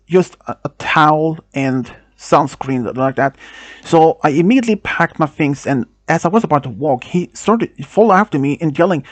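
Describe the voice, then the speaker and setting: A man whose first language is Swedish tells a first-person story, halting with restarts and non-native phrasing. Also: on the high side, no room sound.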